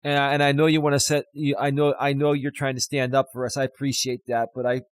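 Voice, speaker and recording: A man's voice: medium pitch, little pitch movement, fast talker, no echo. Emotional male live-streamer, dry sound. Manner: indignant rant turning to emotional gratitude. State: emotional, near tears. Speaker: live-stream host and life coach. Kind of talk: live-stream talk reading super chats.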